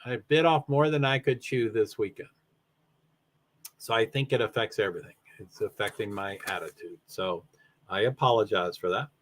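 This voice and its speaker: A man with a mid-range, fairly bright voice runs a solo livestream about racing. He's very tired and yawns as he chats, rambling and interrupting himself with fillers.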